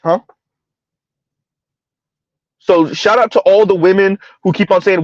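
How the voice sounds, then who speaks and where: A man hosting a reaction commentary, mocking his targets with repeated rhetorical questions and drawn-out words, speaking. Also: high voice, dry recording, lo-fi sound. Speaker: commentary video host.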